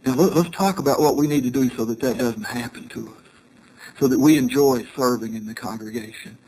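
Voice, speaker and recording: A man's voice: mid-range voice, a little fast, darkish tone, slight background noise, rough recording. A middle-aged man giving a sermon to a congregation, telling stories and asking the audience questions. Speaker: congregation speaker.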